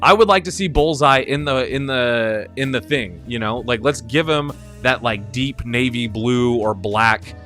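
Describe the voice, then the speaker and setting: A chatty man hosts a stream with a bright, forceful voice, and faint music plays underneath. He talks in an animated way, laughs often and trips over repeated words. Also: mid-range voice, unhurried, few pauses. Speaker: host of a live stream. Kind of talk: casual stream commentary.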